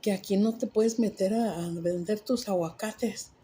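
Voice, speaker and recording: Stern male priest, scolding, bossy, mellow tone, played by a woman telling a joke. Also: medium pitch, normal speed, lightly acted. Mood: angry.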